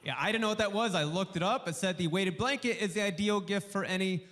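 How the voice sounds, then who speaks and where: A male stand-up comedian doing a warm-up set for a studio audience, delivering punchy jokes and acting out bits of dialogue. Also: sits high, fast. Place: live comedy show before a studio audience.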